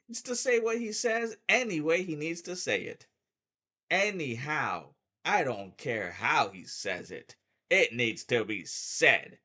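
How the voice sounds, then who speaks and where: This is a middle-aged man ranting into his camera about sports. His voice is bright and sharp, and it climbs and drops freely as he works himself up. He speaks slowly, repeats himself, and trips over his words before pushing on. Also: mid-range voice, animated. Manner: heated, repetitive ranting, stumbles and restarts. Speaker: sports fan vlogger. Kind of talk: casual opinion rant.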